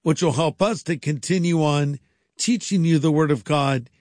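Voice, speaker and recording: A man's voice: a little high, normal speed, darkish tone, no echo, clean studio sound. A man reading a scripted radio ministry announcement in an earnest, encouraging way.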